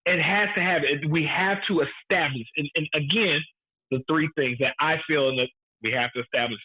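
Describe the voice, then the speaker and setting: Podcast co-host, male, high voice, emphatic and profane, phone-thin sound. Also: normal speed, breathy edge, phone-quality sound. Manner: emphatic, repeats lines for effect, swears freely. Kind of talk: casual movie review chat.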